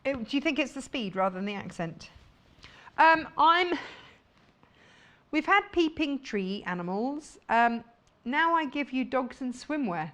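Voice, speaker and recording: A woman's voice: high voice, animated, a little slow, long pauses, fairly bright tone. A woman presenting fabrics on a live shopping channel, chatty and jokey, laughing often.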